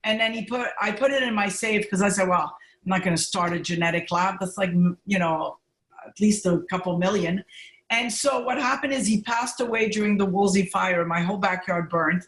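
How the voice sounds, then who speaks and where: Animated woman doctor in an echoey room. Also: medium pitch. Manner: animated, storytelling, quick bursts of enthusiasm. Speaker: guest physician. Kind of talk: casual interview chat.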